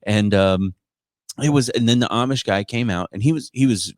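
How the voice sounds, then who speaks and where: A man's voice: lowish voice, moderate pace, no room sound, studio quality. A man hosting a podcast, telling a funny story in casual chat and slipping into other people's voices. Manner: animated, quotes others in put-on voices. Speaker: podcast host and comedian.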